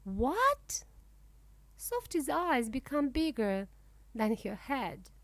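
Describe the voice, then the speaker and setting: A woman reading a children's storybook aloud in simple, clear first-person storytelling. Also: a little high, big pitch swings, slow, no room sound. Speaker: storybook reader.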